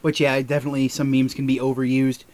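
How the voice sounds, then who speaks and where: A man's voice: mid-range voice, level tone, fast talker, a little mellow. A man hosting a let's play, chatting casually and joking about the game as he plays. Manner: joking, banters and laughs at his own jokes. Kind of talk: casual gaming commentary.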